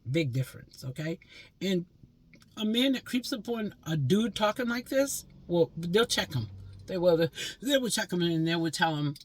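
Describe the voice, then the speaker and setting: Blunt, husky-voiced woman in her sixties. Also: fairly low pitch, lively intonation, normal speed. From Pennsylvania. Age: 60s. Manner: blunt, profane, lecturing. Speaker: vlogger. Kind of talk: scolding monologue to camera.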